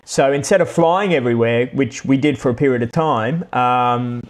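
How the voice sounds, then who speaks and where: A man's voice: mid-range voice, normal speed. A middle-aged Australian man with an Australian accent, chatting casually and rambling through anecdotes with frequent restarts. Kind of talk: casual storytelling monologue.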